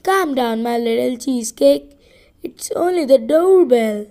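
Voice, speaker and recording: A woman's voice: high-pitched, animated, measured pace, warm tone. A woman reading aloud as a cheerful, spooky female mouse who shrieks her welcome and teases fondly. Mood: teasing. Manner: teasing, doting.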